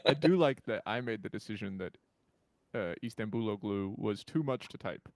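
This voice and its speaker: A man's voice: lowish voice, expressive, darkish tone. A man who writes articles, joining a casual sports podcast, joking and laughing as he talks. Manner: quick, joking, laughs often.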